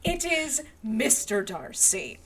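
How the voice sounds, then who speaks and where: A woman's voice: a little high, sing-song, slow pace, fairly bright tone, slightly rough. A woman co-hosting a podcast, animatedly recapping a film in casual chat and acting out the characters' lines. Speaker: podcast co-host.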